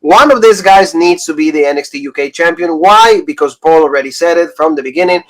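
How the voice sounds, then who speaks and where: Male podcast host, slightly high voice, casual recap style, lots of fillers. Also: a bit bright, poor audio. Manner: loose, filler-heavy talk with quick recaps. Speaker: wrestling show host.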